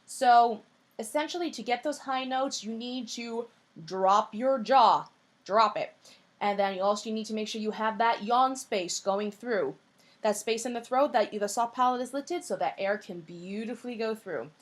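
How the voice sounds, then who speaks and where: A woman's voice: on the high side, normal speed. A woman voice teacher giving a singing lesson in a patient, coaching way, her voice a little scratchy. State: slightly scratchy voice.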